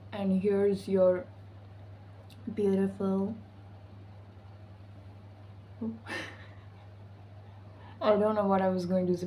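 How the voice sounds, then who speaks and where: A woman speaks slowly and evenly in a mellow, darker voice, sharing intuitive spiritual messages as a vlogger. Her talk is casual and sassy, peppered with slang and swearing. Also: medium pitch, slight background noise, low-quality recording. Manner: slangy, profane and sassy, with frequent "okay?".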